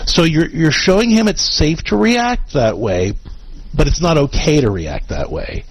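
A man hosting a call-in advice show, explaining calmly with frequent restarts and check-ins like "okay?". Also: on the high side, unhurried, slightly rough, rough recording. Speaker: radio advice show host.

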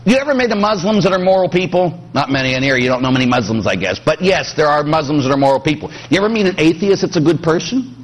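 A man's voice: a little high, quick pace. A middle-aged man from Pittsburgh, a priest preaching a sermon with jokes, acting out quoted voices. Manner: animated, joking, acts out quoted voices.

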